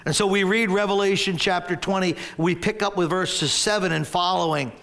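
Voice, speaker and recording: A man preaching a sermon as pastor, telling a story with animated, loud exclamations. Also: high voice, normal speed, gravelly.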